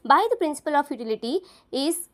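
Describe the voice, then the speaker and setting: A woman's voice: sits high, expressive, quick pace. A woman tutoring for an exam, repeating each key term several times and spelling words out letter by letter. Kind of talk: study-along lesson, repeating terms aloud to memorize.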